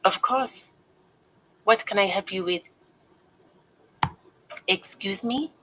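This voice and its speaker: A woman's voice: medium pitch, slow pace, noisy background, natural voice. A woman voicing a wary adult female gardener in a video game, guarded and a little defensive.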